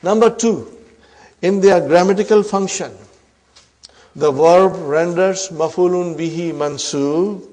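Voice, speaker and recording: A man teaching Arabic grammar in a slow, drawn-out lecture, often checking in with his class. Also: high-pitched, mellow.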